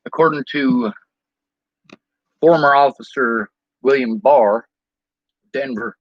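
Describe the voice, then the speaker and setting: A man's voice: mid-range voice, slow, dry recording, dull audio. A man venting in a personal vlog rant, bitter and indignant, with frequent swearing.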